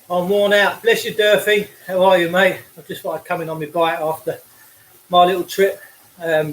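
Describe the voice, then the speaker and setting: An out-of-breath Englishman cycles outdoors and delivers a blunt, preachy livestream rant into his phone. His voice is high, and the poor audio carries a little hiss or hum.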